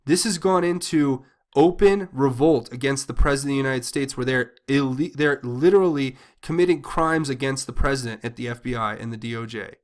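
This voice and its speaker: A man's voice: mid-range voice, brisk. A man hosting a political commentary channel, speaking in an agitated, indignant monologue with frequent restarts and repetitions. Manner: agitated, indignant, repeats himself with many restarts.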